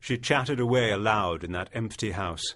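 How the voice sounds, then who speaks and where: A man narrating a literary short story as an audiobook, in a measured storytelling manner. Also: on the low side, a bit bright.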